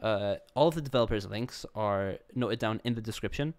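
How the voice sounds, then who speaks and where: A man hosting a game playthrough, reacting excitably and swinging between jokes and sincere remarks, often swearing and calling people "dude". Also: lowish voice, a little fast, smooth, no echo. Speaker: gaming video host. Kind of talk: let's play commentary. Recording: game sounds and sirens loud behind the voice.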